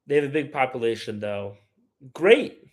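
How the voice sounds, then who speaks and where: A man's voice: medium pitch, very animated, moderate pace. A man hosting a casual live stream, rambling and opinionated as he reads chat aloud and answers it. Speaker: livestream host.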